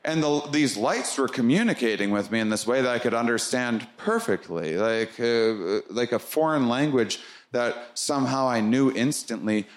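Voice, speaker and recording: A man doing stand-up, telling a story with lively swoops into squeaky sound effects. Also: moderate pace, hardly any pauses, echoey room. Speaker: stand-up comedian. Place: comedy club stage.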